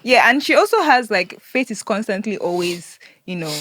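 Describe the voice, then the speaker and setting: A woman's voice: medium pitch, lively intonation, moderate pace, background noise. Woman hosting a chat. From Nigeria. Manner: encouraging, many short agreeing murmurs. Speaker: host. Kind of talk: casual interview.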